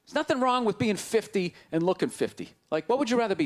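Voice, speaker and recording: Onstage before a live audience, a middle-aged comedian with a Boston accent does a brash, ranting set and mocks the crowd. He talks fast in a high-pitched, lively voice with barely any pauses, captured on a handheld stage mic in a live club recording with crowd noise.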